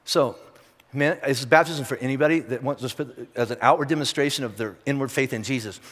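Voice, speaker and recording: Addressing his congregation in a large church auditorium, a pastor with a mid-range, fairly bright voice preaches briskly in a direct, conversational style. He fires off rhetorical questions, and the recording has the long reverb of a big church hall.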